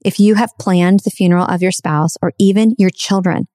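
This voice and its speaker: A woman's voice: fairly low pitch, steady tone, moderate pace, warm tone, dry recording, clean studio sound. A middle-aged woman hosting a podcast, giving an earnest, reflective spiritual self-help talk and repeating phrases for emphasis. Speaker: podcast host.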